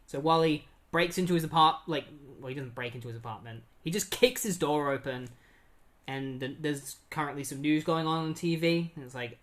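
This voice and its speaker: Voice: mid-range voice, a little fast. A host casually summarizing comic book issues, scattering fillers and reading character quotes in a plain voice. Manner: chatty, many "like" and "um" fillers, reads quotes in a plain voice.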